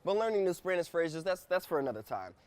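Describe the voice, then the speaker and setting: Man, thirties, American, rapid-fire talk, fairly high voice, profane, lively storyteller, casual vlog. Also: clear, resonant tone. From United States. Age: 30s. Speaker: vlog host.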